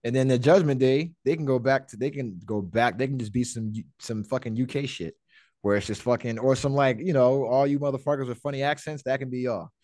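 A man's voice: mid-range voice, fairly quick, darkish tone, no room sound. Male podcast host, loose joking delivery with swearing, dry recording. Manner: profane, rambling, joking. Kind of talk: casual wrestling chat.

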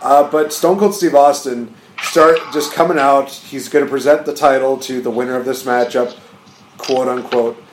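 A man co-hosting a podcast, recapping wrestling in casual chat, animated and laughing as he acts out quotes. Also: mid-range voice, normal speed, roomy sound, slight background noise, poor audio. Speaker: podcast co-host.

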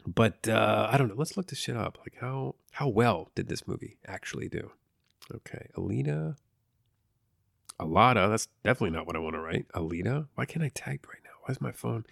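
A man with a low, gravelly voice talks through a movie review in a loose, rambling way. He swears freely and drifts into jokey asides. The sound is dry and close, with no room around it. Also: expressive, a little fast, fairly bright tone, no echo. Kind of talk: casual spoken movie review.

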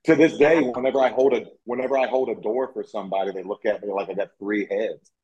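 A man's voice: lowish voice, steady tone, quick pace, a little mellow. Casting: man, Virginia accent, rambling and emphatic guest on a dull lo-fi video call. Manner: rambling, self-correcting, emphatic. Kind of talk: casual chat.

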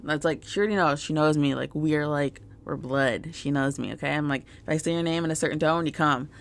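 A woman's voice: low-pitched, steady tone, normal speed, no echo. A woman, a mother, chatting casually to her viewers in a rambling way, full of "like" and "you guys". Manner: rambling, filler-heavy, lots of "like" and "you guys". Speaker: mother sharing business contacts with viewers. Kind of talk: casual chat to camera.

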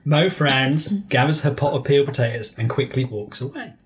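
A man's voice: mid-range voice, lively intonation, moderate pace. A man narrating improvised comic scenes in an amused, chatty way. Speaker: narrator and game runner.

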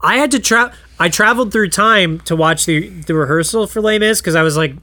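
Man, slightly high, very bright voice, dry room, rambling comic storyteller. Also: fairly quick, dry recording. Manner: spins absurd stories, acts out characters, swears freely. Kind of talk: casual comedic chat.

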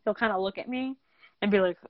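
A woman's voice: medium pitch, fast, no echo. A young woman co-hosts a casual podcast chat, candid and self-mocking, breaking into laughter often. The sound is dry and close, with a dull, lo-fi edge. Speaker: podcast co-host.

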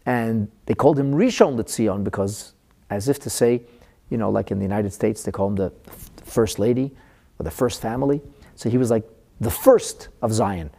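A man giving a Torah lesson, animated, slowing down to stress the Hebrew verses he quotes. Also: mid-range voice. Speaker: Torah teacher.

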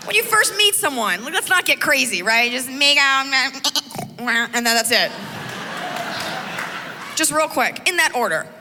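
A woman's voice: sits high, very animated, unhurried, long pauses, sharp tone. A young woman doing a stand-up comedy set, rambling with lots of "like" in a crude, sardonic way. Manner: rambling, valley-girl filler "like", crude and sardonic. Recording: reverberant live venue with background noise.

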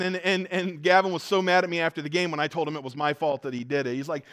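High-voiced joking pastor. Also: male voice, quick pace, hardly any pauses. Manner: joking, self-mocking storytelling; animated, swings from loud to quiet. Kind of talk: sermon.

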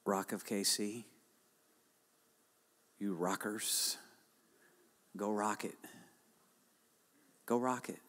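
An older man preaching a sermon, urging his congregation with repeated exhortations that build to loud, emphatic calls. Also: lowish voice, steady tone, drawn-out words, long pauses, in a large hall. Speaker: pastor.

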